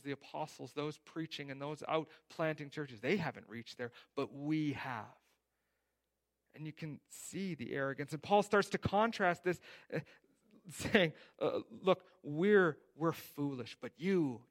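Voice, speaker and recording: A man preaching a sermon in a conversational way, often asking "right?", rising loud on key points and dropping soft at the ends of lines. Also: mid-range voice. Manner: conversational preaching with frequent "right?" and rhetorical questions; rises loud on emphasis, drops soft at line ends. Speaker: pastor.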